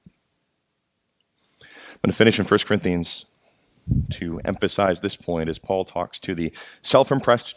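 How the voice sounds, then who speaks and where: A pastor preaching a sermon with emphatic, earnest delivery, repeating phrases to drive points home. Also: male voice, fairly low pitch, dry recording, studio quality.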